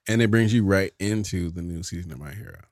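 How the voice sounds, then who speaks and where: A man co-hosting a casual anime podcast, animated and quick to chime in and agree. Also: low voice, dry recording, studio quality. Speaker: podcast co-host.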